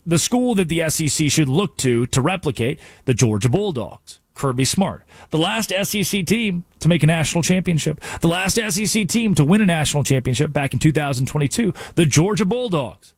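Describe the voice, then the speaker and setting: A male sports radio host delivering an animated, sarcastic rant from a studio. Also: fairly high pitch, husky, no echo. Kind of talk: sports talk radio monologue.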